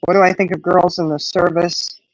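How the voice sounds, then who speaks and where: A woman's voice: lowish voice, level tone, moderate pace, no echo, muffled recording. A middle-aged woman hosting a casual livestream while out on a walk, rambling with lots of "you know" as she answers viewers. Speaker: livestream host. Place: outdoors on an evening walk.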